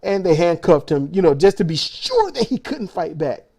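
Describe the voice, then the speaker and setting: A man's voice: high voice, very animated, normal speed, gravelly, a little mellow. A man hosting a reaction video, ranting with anger, sarcasm and swearing, often stumbling and restarting. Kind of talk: ranting commentary.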